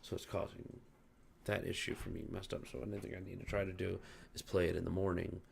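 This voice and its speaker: A man's voice: low voice, creaky, a little hiss or hum. A man telling a heated, profane story about a rude customer in a casual vlog, still angry about it. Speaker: gaming channel host.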